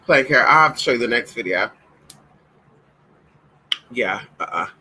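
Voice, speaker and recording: A man's voice: mid-range voice, animated, unhurried, bright, forceful tone, a little hiss or hum, rough recording. A man chatting casually in a home vlog, sassy and profane, talking to viewers and calling his dogs. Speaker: vlogger.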